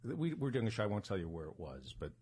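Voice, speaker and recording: A man's voice: lowish voice, sing-song, fast talker, warm tone, slightly rough. A man hosting a comedy podcast roundtable, asking probing questions in a stop-start way. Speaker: podcast host. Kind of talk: casual comedy roundtable chat.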